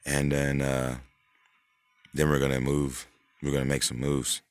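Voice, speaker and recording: A man's voice: extremely low pitch, monotone, measured pace, clear, resonant tone, dry recording. A man hosting his own vlog, talking in a loose, rambling monologue full of swearing, fillers and restarts. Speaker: channel host.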